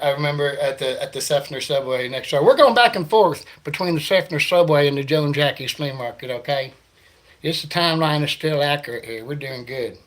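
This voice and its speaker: A man from the Tampa Bay area of Florida, a comedian telling rambling, self-deprecating, profane stories. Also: mid-range voice. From Tampa Bay area, Florida, USA. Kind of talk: comedic storytelling monologue.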